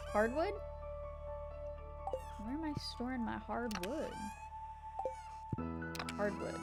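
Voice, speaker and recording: A woman streamer chats casually while playing, her voice sitting at an ordinary middle pitch. She giggles and thinks out loud in a playful, rambling way. Game music plays clearly underneath her. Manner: chatty and playful, giggles and talks to herself. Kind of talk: casual live gameplay chat.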